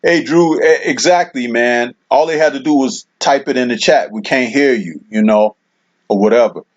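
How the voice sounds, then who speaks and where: Streamer host, man, mid pitch, casual and chatty, muffled lo-fi home mic. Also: moderate pace. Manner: laid-back, chatty, lots of "man" and "you know". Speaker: livestream host. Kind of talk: casual livestream chat, reading out viewer comments. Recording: dull lo-fi stream audio.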